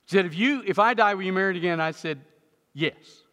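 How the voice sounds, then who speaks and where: A man preaching a sermon in a church, telling humorous stories and building to loud emphatic moments. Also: high-pitched, fairly quick. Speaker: pastor. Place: church sanctuary. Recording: long hall reverb.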